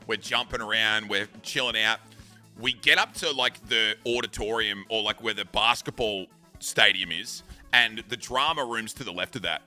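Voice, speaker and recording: A man's voice: fairly low pitch, normal speed, soft background music. A man in his thirties, a streamer, animatedly telling a long story, swearing casually and acting out what people said. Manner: animated, swears, acts out shouts.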